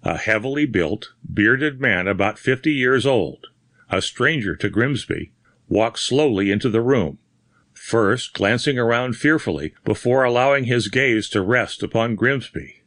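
A man narrating a horror story in a measured, dramatic reading. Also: mid-range voice, expressive, fairly bright tone, no echo, studio quality. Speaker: audiobook narrator. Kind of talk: scripted narration.

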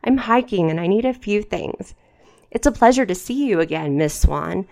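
A woman reading aloud the lines of a suave, quietly charming young man in a story, keeping close to her own voice. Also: mid-range voice, expressive, moderate pace, vocal fry. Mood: smooth.

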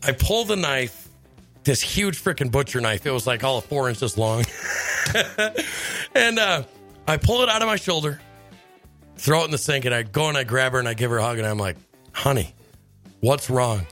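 Radio guy telling wild stories, bright voice, jumps around a lot, laughs a bunch. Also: mid-range voice, normal speed, faint music behind. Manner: animated storyteller, laughs often. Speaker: radio host. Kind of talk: casual chat.

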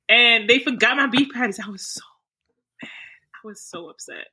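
A man with a high, bright voice shares easygoing anecdotes on a podcast. His tone is light and conversational. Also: expressive, fairly quick, husky. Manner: storytelling, easygoing, laughs along. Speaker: podcast co-host. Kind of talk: casual chat.

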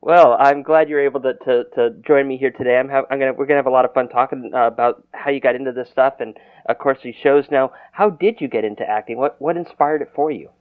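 Halting radio host man, tinny line. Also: mid-range voice. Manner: halting, repeats words, laughs easily. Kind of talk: casual phone interview. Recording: tinny dry phone-band audio.

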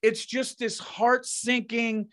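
High-voiced New man, casual podcast host. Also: level tone, slow, fairly bright tone. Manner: earnest, swears casually, trails off into restarts.

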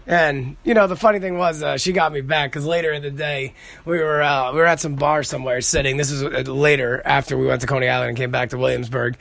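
A man's voice: medium pitch, steady tone, fast, gravelly, fairly bright tone, no room sound. A man, hosting a casual podcast monologue and telling rambling, profane stories. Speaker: podcast host.

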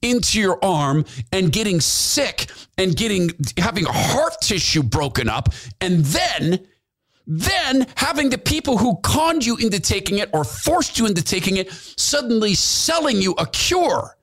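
Impassioned man with lively, swooping pitch. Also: measured pace. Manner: impassioned, emphatic, repeats phrases for emphasis. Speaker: podcast host, former radio host. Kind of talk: opinion commentary monologue.

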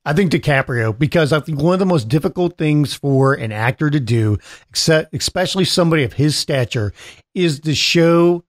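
A man's voice: a little high, animated, moderate pace. A man co-hosting a casual movie discussion, eager and explanatory, with plenty of "like". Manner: eager, explanatory, uses filler like "like".

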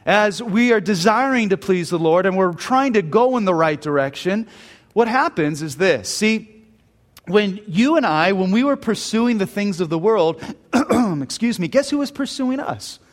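A man's voice: sits high, animated, unhurried, long reverb tail. A man preaching a sermon at a men's retreat, earnest and emphatic, often restarting his sentences.

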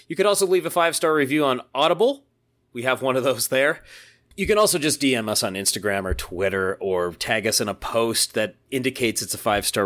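A man's voice: mid-range voice, fairly bright tone. A man hosting a podcast in casual chat, upbeat and jokey, reading listener mail aloud. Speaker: podcast host.

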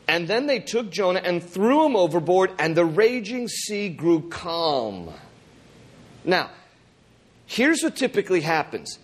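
A man's voice: high voice, very animated, a little slow, breathy edge. A man preaching a sermon, retelling scripture in a casual, joking way with acted asides. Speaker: pastor.

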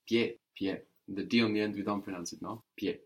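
A man's voice: fairly low pitch, fairly even intonation, fairly quick. A man teaching a language lesson, patiently repeating and modelling words.

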